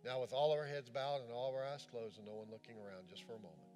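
Impassioned preacher man over soft guitar. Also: medium pitch, steady tone, quick pace. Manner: impassioned preaching that drops to soft, hushed prayer. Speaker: pastor. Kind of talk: sermon with altar call prayer.

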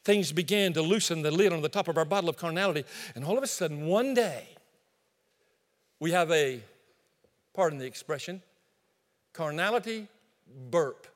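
High-voiced preacher in a reverberant sanctuary. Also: male voice, normal speed, long pauses. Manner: animated storytelling with acted-out asides. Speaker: pastor. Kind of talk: sermon. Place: church sanctuary.

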